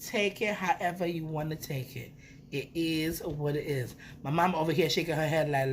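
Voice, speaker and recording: In a casual storytime vlog, a young woman spins a playful, profane tale at a moderate pace, her low voice staying steady over faint background noise.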